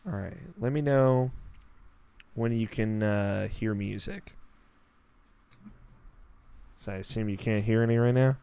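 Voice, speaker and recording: A man hosting a casual gaming podcast, rambling in a relaxed way and swearing now and then. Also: fairly low pitch, unhurried, creaky, long pauses, clean tone. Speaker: podcast host.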